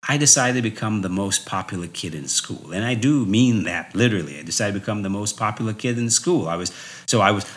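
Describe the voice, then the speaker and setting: Animated man telling a personal story. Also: mid-range voice. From New York. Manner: lively storytelling, chuckling often, repeating phrases for emphasis. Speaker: speaker. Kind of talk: personal motivational talk.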